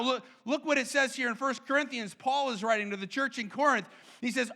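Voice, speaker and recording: A man preaching a sermon in an animated way, acting out quotes and often repeating himself. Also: very high voice, fairly quick. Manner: repeats words and restarts often. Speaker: pastor.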